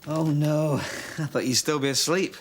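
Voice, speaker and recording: An actor playing a caring husband in a TV soap, talking in a soothing, coaxing way. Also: male voice, on the high side, fairly even intonation, moderate pace, slight background noise, natural voice. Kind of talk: TV soap drama.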